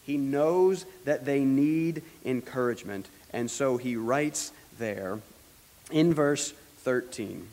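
A man preaching an earnest teaching sermon as pastor, slowing down to stress key points and letting his phrases trail off quietly. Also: medium pitch, animated, in a large hall. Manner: earnest teaching, slows for emphasis, trails off softly.

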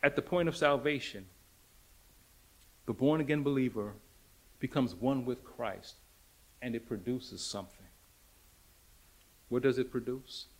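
A man preaching a sermon, emphatic and dramatic, swinging between loud declarations and hushed lines and repeating rhetorical questions. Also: mid-range voice, a little slow, long pauses.

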